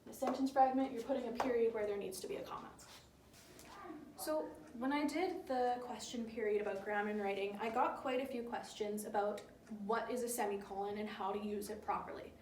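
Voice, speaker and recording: A woman's voice: a little high, brisk, darkish tone, reverberant, distant mic, a little hiss or hum. A young woman teaching grammar in a casual, chatty way, often checking in with her listeners. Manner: chatty, keeps checking in with "right?".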